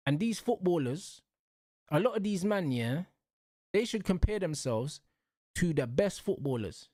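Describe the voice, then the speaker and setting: A man's voice: fairly high pitch, big pitch swings, unhurried, a little mellow, no echo, clean studio sound. Heated young man ranting. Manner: heated, repetitive, slangy ranting. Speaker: show host. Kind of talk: casual football rant.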